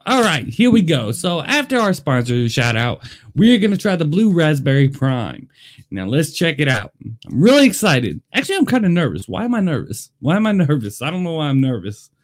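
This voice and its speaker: A man chatting excitedly in a casual taste-test vlog, talking to his viewers. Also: a little high, normal speed. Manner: excitable, chatty, lively delivery. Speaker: vlogger. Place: Las Vegas.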